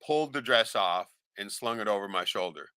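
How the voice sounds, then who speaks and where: A man telling a profane story in casual chat, animated, laughing often and acting out the voices of others. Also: lowish voice, a little fast, smooth, no room sound, studio quality. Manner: animated, swears a lot, laughs often, acts out quoted voices.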